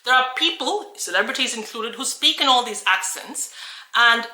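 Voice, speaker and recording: A woman's voice: fairly high pitch, expressive, normal speed, bright, forceful tone, roomy sound, rough recording. A woman from Australia who coaches English, talking earnestly and encouragingly to camera with frequent restarts. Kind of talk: talking-head video.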